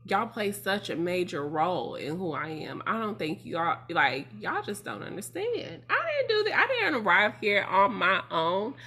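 A woman's voice: lowish voice, very animated, a little slow, hardly any pauses, sharp tone, slightly rough. A woman co-hosting a podcast, speaking heartfelt and emphatic with slang. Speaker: podcast co-host. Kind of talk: casual chat.

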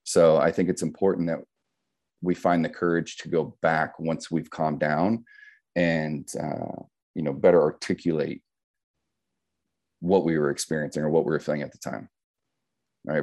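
Deep, mellow man explaining steadily. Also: fairly even intonation, normal speed, creaky, pauses often. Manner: reflective, explains with metaphors, frequent "right?" tags. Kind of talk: casual conversational podcast.

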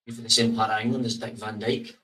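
An actor playing a gruff Scottish man stuck in a lift. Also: fairly low pitch, little pitch movement, fast talker, a bit bright, recorded from a distance, close to an everyday voice, poor audio. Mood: exasperated. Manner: blunt, exasperated. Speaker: lift passenger in a comedy sketch.

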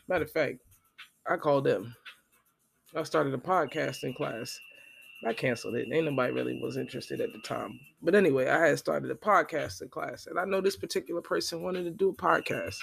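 Gravelly man telling a profane story. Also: mid-range voice, fairly quick, long pauses, a little hiss or hum. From Florida. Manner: profane, animated storytelling with quoted voices. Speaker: podcast host. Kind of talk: casual storytelling monologue.

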